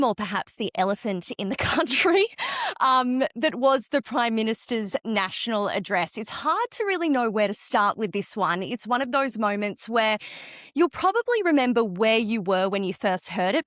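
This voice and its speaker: A woman's voice: mid-range voice, a bit bright, no echo. A woman with an Australian accent co-hosting a news podcast, chatty and wry with a sarcastic edge, recorded on a studio mic. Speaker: podcast co-host and journalist. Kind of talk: casual news chat.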